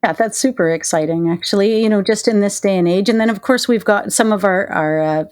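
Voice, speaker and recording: A woman's voice: medium pitch, fairly quick, a little mellow, no echo. A woman hosting a podcast, chatting casually and enthusiastically with lots of fillers. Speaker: podcast host. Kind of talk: casual chat.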